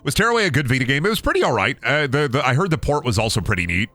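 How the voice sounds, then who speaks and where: A man's voice: medium pitch, very fast, no echo. A young man streaming a game, casually telling a long rambling anecdote with many fillers and curses. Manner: rambling, animated anecdote with lots of fillers and swearing.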